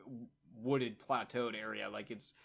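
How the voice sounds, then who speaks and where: A man narrating a tabletop game as game master, in a casual, halting way with many fillers. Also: on the low side, steady tone, gravelly, a bit bright, slightly rough.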